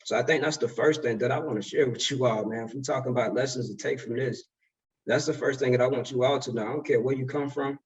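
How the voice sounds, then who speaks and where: A man's voice: medium pitch, steady tone, fast, breathy edge, far from the mic, poor audio. A man in his twenties telling a story in a casual, slangy way as a speaker at a summit. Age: 20s. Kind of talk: motivational talk.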